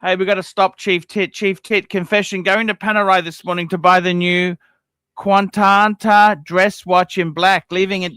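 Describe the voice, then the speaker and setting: Casting: high-voiced man, bright and dry, livestream host who rants and swears freely. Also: moderate pace, smooth, no echo. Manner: animated, exasperated, swears freely. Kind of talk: casual chat.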